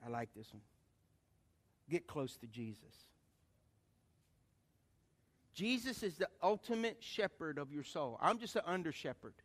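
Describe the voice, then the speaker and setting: Male pastor, middle-aged, high-pitched, animated sermon delivery with call-and-response. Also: unhurried, pauses often. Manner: animated, calls for congregation responses. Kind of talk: sermon with anecdote.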